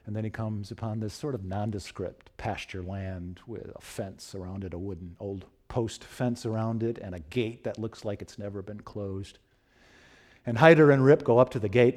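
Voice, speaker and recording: Male preacher, sermon storytelling, lowish voice, mellow tone, acts out dialogue, slow solemn close. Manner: slow and solemn when quoting poetry and blessing.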